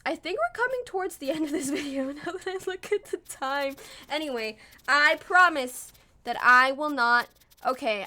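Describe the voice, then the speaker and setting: A woman's voice: a little high, bright, forceful tone. A young woman talking over her game build footage, rambling and apologizing with a self-deprecating, laughing manner. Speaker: gaming video creator.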